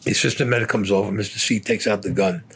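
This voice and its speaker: A man's voice: fairly low pitch, steady tone, quick pace, a bit bright, breathy edge. An older man, a war veteran, telling a story in an interview in a blunt, profane way, cursing constantly.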